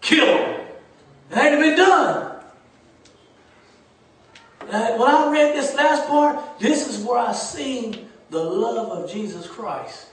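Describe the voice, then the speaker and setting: A man preaches a sermon in a high voice that rises to shouts and drops to near whispers. He is recorded from a distance in a very echoey church room. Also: takes it slowly, pauses often. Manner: swings from loud preaching to hushed near-whisper, Southern US dialect. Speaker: pastor.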